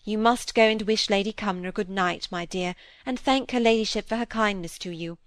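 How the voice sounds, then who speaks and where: A woman's voice: medium pitch, moderate pace, no room sound, close to an everyday voice. A woman voicing a sweetly genteel, impatient lady. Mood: genteel coaxing. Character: genteel, pleasant governess-like lady, impatient underneath. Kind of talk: audiobook character reading.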